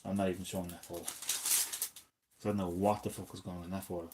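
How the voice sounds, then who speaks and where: A man in his thirties, chatting casually and swearing a lot as a gaming streamer, drifting between loud remarks and mumbled asides. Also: deep voice, little pitch movement, quick pace, a little hiss or hum. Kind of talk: casual rambling commentary.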